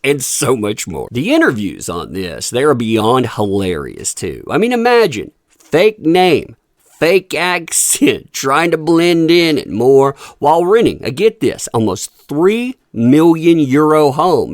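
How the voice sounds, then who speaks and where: Gravelly, sarcastic male commentator. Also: no echo, clean studio sound. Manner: sarcastic, laughing often, big swings in pitch. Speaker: commentary channel host. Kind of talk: mocking news commentary.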